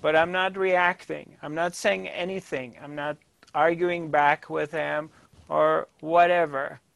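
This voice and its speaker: A man gives a spiritual talk as a calm, unhurried personal story, pausing often and filling gaps with small hesitations. His voice sits a little high and has a gravelly fry running through it. The recording is dry and close, with no room sound. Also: dry recording. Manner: calm, halting, with many fillers. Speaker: spiritual teacher.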